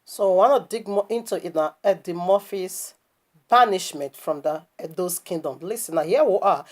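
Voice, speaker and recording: A woman's voice: fairly low pitch, moderate pace. A woman preaching online in an impassioned, scolding commentary that is full of rhetorical questions and stammered restarts.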